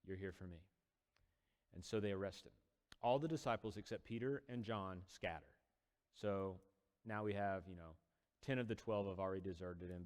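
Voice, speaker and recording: Relaxed man telling a story in a reverberant room. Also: lowish voice. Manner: conversational, many fillers, acts out quoted lines. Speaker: teacher retelling a scripture story. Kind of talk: casual storytelling lesson.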